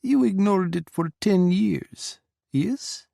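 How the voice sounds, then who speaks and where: A man voicing a guarded American president who speaks in a firm, measured way. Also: sits high, vocal fry, dark tone, dry recording, studio quality, pitched above the performer's own voice, full character voice.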